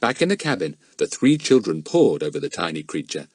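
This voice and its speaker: Guy reading a kids' adventure book, super lively ups and downs, husky, dry sound. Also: low voice, fairly quick, hardly any pauses, no room sound. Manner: expressive storytelling. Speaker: audiobook narrator. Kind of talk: scripted narration.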